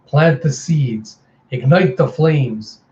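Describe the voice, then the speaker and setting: A man voicing a coven of ancient witches who speak in slow, ritual chants. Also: a little high, darkish tone, roomy sound, lo-fi sound. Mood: solemn.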